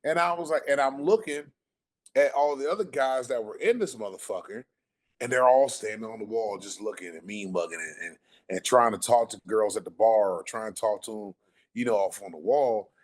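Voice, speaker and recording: A man's voice: on the low side, fairly quick. Laid-back man telling a story on a podcast. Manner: laid-back, profane storytelling that drawls at times. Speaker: podcast host. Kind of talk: casual chat.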